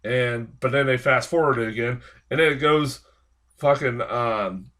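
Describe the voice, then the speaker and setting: A man's voice: mid-range voice, a little slow, fairly bright tone. A man giving a casual spoken film review, rambling and swearing constantly with many fillers as he rants in exasperation. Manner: rambling and heavily profane, with frequent fillers; exasperated ranting. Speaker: movie reviewer.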